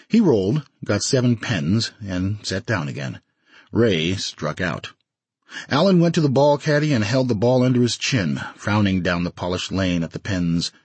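A man's voice: on the low side, sing-song, moderate pace, a little mellow, slightly rough, no echo. A man narrating an audiobook story expressively, in a dry studio recording. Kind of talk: scripted narration.

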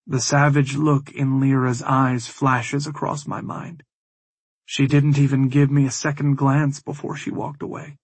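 A man narrating a first-person fantasy novel in a measured, weary way. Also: medium pitch, little pitch movement, breathy edge, dry recording. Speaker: audiobook narrator.

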